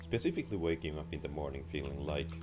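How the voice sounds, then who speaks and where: A young man with a sore throat and a deep, raspy voice, giving deadpan gameplay commentary. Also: fast. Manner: deadpan, crude jokes. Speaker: gamer. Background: faint game music and keyboard typing.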